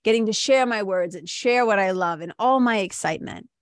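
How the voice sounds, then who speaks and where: A middle-aged woman hosts a podcast, talking casually and with animated enthusiasm, full of "like" and "right?" asides. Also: mid-range voice, a little fast, dry recording, studio quality. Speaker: podcast host. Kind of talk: casual monologue, retelling a coaching session.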